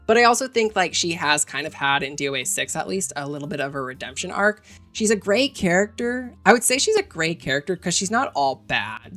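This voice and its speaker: A woman with a low voice talks through her favorite game characters in a chatty, gushing way, full of fillers. Soft music plays faintly behind her. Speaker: video creator ranking game characters. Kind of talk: casual enthusiastic commentary.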